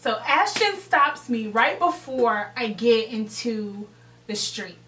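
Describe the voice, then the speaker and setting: A young woman vlogger telling a story in a casual, animated way, swearing freely and acting out the scene. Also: on the high side, takes it slowly, echoey room, far from the mic, a little hiss or hum, rough recording. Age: young adult.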